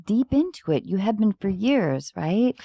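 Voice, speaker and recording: A woman's voice: mid-range voice, very animated, unhurried, vocal fry, warm tone, no echo, highs cut off. Chatty, playful woman podcast host. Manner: chatty, playful, rambling with frequent laughs. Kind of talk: casual chat. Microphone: close podcast microphone.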